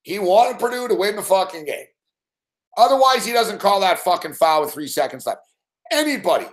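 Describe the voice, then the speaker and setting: A man's voice: high-pitched, sing-song, normal speed. A young man hosting late-night sports betting commentary, ranting angrily and swearing at a referee. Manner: profane angry ranting.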